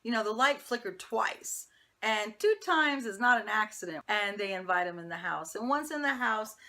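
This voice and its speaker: A woman's voice: mid-range voice, expressive, moderate pace, bright, forceful tone, a little hiss or hum. A woman reviewing a TV episode, chatty and opinionated, talking straight to her viewers. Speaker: TV show reviewer. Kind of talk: casual episode recap.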